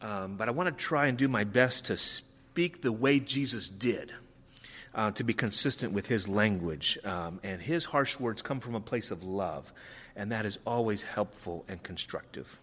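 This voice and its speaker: A man's voice: fairly low pitch, expressive, normal speed, fairly bright tone, husky. A middle-aged man preaching a sermon as pastor, conversational with frequent ums, acting out quoted lines. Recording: long reverb of a large hall.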